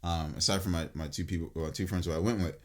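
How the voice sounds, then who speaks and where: A man in his late twenties hosting a podcast, telling a long story in a casual, animated way, full of swearing and "like". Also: low voice, quick pace. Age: late 20s. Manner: animated and profane, filled with "like" and restarts. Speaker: podcast host.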